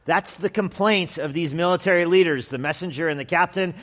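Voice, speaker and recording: A man preaches a sermon with a relaxed, conversational delivery, breaking into animated voices for the people in the story. His voice sits at a middle pitch and carries a long reverb, as if filling a large hall. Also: a little fast. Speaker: pastor.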